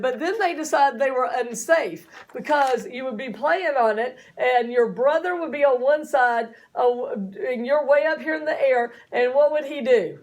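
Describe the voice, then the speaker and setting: A woman teacher giving a chatty classroom lecture, often asking her students questions. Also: sits high.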